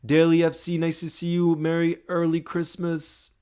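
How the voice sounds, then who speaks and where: A man's voice: on the high side, monotone, normal speed, dark tone, clean tone. A young man hosting a live stream, chatting casually and greeting viewers by name as he reads their comments. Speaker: livestream host.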